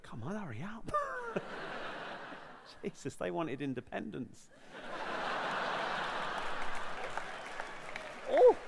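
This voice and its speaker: High, animated comic storyteller. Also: male voice, extremely slow, gravelly, long pauses, a loud crowd, heavy background noise. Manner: whimsical, playful, swooping between voices. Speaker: stand-up comedian. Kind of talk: stand-up comedy storytelling.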